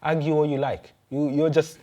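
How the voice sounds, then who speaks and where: A man, a pastor, giving a conversational sermon full of rhetorical questions and quick restarts. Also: a little high, flat delivery, dark tone, dull audio.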